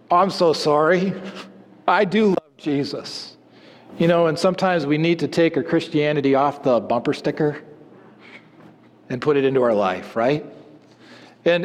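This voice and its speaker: A man preaching a sermon, telling an illustrative story and dropping to low, quiet emphasis on key words. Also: moderate pace, long reverb tail.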